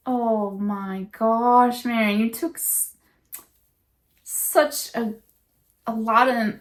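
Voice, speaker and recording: A woman crochet vlogger talks slowly to her camera, her voice sitting a little high. She gushes with emotion, repeating her thanks and praise over and over in a soft, casual way. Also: fairly even intonation. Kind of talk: unboxing vlog, casual chat to camera.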